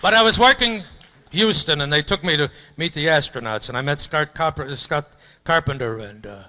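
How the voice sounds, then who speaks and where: A man's voice: fairly high pitch, lively intonation, normal speed, sharp tone. An older man, a comedian, telling rambling stand-up stories in an auditorium. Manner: loose, rambling storyteller slipping into mock-opera singing and funny voices. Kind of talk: stand-up storytelling. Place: high school auditorium.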